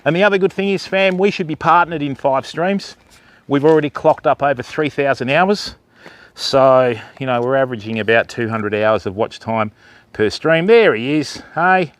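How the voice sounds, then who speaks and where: Hosting a live stream outdoors at a wildlife park, an Australian man chats with viewers and raises his voice to talk to the animals. His voice sits at medium pitch, his pace is moderate, and there's no echo.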